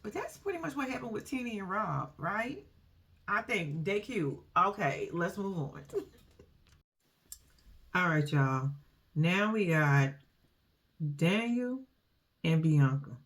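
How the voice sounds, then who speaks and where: A woman's voice: mid-range voice, sing-song, takes it slowly, pauses often, a bit bright. A woman giving a casual, blunt recap of a reality show, often laughing and using slang.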